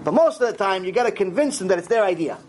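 High-voiced rabbi, animated storyteller. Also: male voice, fast, slight background noise. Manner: animated storytelling, acts out dialogue, sprinkles Hebrew words. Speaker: rabbi teaching a Torah class. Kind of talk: lively Torah lecture.

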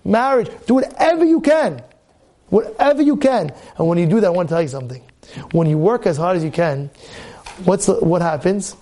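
High-voiced rabbi preaching with fervor. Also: male voice. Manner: impassioned, repetitive, bursts into shouting exhortation. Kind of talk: sermon.

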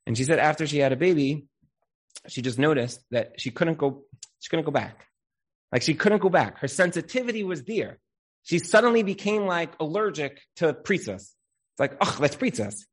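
A man in his thirties giving an inspirational talk with a slightly high voice. He tells lively stories, acting out the people in them, and drops Hebrew religious terms in as he goes. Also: moderate pace. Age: 30s. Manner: animated storyteller who acts out quoted voices. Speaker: marriage counselor and Torah speaker.

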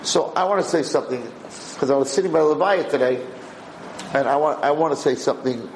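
A man giving a Torah class, lively and animated, often acting out the people he quotes. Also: on the high side, brisk. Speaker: Torah teacher. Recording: roomy room echo, faint background hiss.

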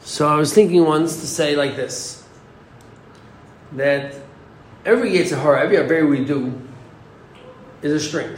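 A man with a somewhat high voice teaches an informal Torah class. He talks conversationally and keeps posing rhetorical questions. The recording is roomy, with faint ambience behind him. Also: moderate pace, pauses often, a little hiss or hum. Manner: conversational, asks rhetorical questions, restarts sentences.

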